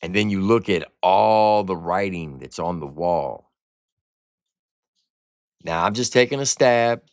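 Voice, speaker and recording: Deep, slow, slangy male reviewer. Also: no echo, studio quality. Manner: slangy, blunt and profane. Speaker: music reviewer and streamer host. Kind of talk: casual livestream album review.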